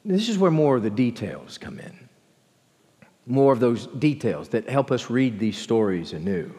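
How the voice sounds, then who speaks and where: A man preaching a sermon as pastor, expressive, dropping low and slow for emphasis. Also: slightly rough. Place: large church sanctuary. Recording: long church hall reverb.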